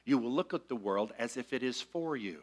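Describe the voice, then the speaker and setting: A man's voice: medium pitch, lively intonation, brisk. A man minister giving a conversational sermon to a congregation, asking them to repeat lines with him. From Michigan. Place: church sanctuary with congregation.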